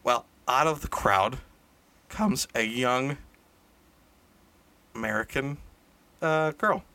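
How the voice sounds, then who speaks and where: A man's voice: medium pitch, takes it slowly, sharp tone, no echo. A man casually improvising a silly story, correcting himself as he goes and laughing at his own jokes, in a room shared with a co-host.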